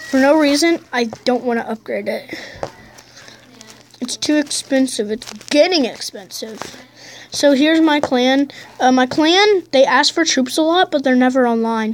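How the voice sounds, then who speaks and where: High-voiced excitable young woman gamer. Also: a little hiss or hum. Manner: excitable, bursts into high squeals and drops to mutters. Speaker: gameplay commentator. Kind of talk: casual gameplay commentary.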